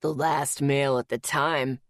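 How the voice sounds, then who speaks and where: A blunt, practical young werewolf man, as a woman narrator puts him on, firm and to the point. She drops her voice low, and the recording is close and dry. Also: fairly even intonation, measured pace, no room sound.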